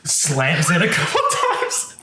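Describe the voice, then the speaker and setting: A man's voice: a little high, takes it slowly, heavy background noise. A man in casual podcast chat, telling a story with lots of swearing and acting out what people said. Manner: animated storyteller, acts out quotes, swears freely. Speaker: podcast co-host. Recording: echoey room.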